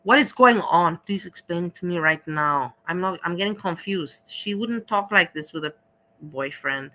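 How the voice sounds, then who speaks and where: Bright-voiced woman chatting on a livestream. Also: fairly low pitch, lively intonation, low-quality recording. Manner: chatty, blunt, swears freely, halting restarts. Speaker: livestream host. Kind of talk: casual reaction chat.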